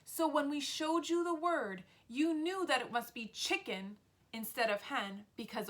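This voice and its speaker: Bright-voiced woman teaching young children. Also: high-pitched, animated. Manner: slow, clear and encouraging, speaks to children. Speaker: pre-k teacher. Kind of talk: early reading lesson for young children.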